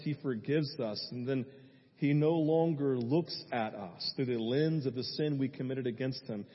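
Man, pastor, sermon, conversational asides, breathy voice, muffled lo-fi sound. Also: medium pitch. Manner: conversational, with frequent "right?" asides. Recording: echoey hall, dull lo-fi sound.

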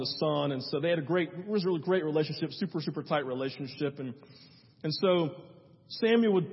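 Male pastor, high husky voice, emphatic storyteller, sermon in a dull echoey hall. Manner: emphatic storytelling with repeated phrases.

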